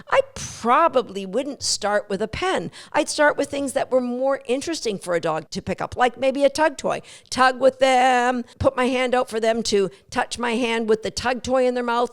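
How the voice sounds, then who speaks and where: Brief: female dog-training podcast host, a gravelly edge, lively and coaching. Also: fairly high pitch. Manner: lively, coaching, acts out dog and owner thoughts. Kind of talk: instructional podcast talk.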